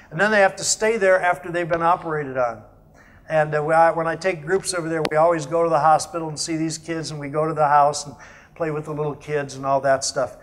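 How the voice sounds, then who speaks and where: A man giving a talk at a networking meeting, telling a personal story in an animated way and acting out what other people said. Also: on the high side. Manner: animated anecdotal storytelling, quotes others in voices. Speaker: guest speaker. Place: meeting room at a business networking breakfast.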